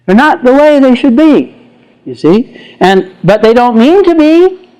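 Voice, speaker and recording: An older man, a psychologist, giving an animated storytelling lecture. He laughs often and acts out the quotes in his stories. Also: very high voice, unhurried, rough recording.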